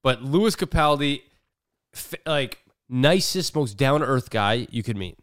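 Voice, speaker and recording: A man hosting a podcast, chatting casually and telling animated stories, acting out the people in them. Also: mid-range voice, measured pace, no room sound, studio quality. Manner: animated storyteller, mimics others. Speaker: podcast host. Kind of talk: casual chat.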